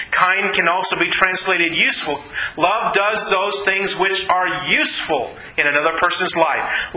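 A man's voice: high-pitched, unhurried, bright, forceful tone, roomy sound, low-quality recording. A man preaching a sermon in an earnest, conversational way, often repeating his phrases. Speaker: pastor.

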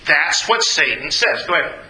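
A man teaching a Bible class, speaking haltingly with many repeated words and asking the group questions. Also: on the high side, expressive, bright, forceful tone, roomy sound, poor audio.

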